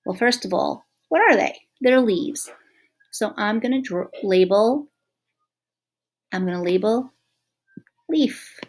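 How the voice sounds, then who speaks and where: A woman teacher speaks gently to young children in a lesson. She is encouraging and patient, and she slows down to sound out the letters of simple words. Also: mid-range voice, very animated.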